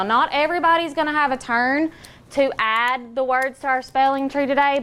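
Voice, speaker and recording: A woman teacher leading a phonics lesson, giving clear, patient directions and drawing out sounds slowly. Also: sits high, a bit bright. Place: classroom.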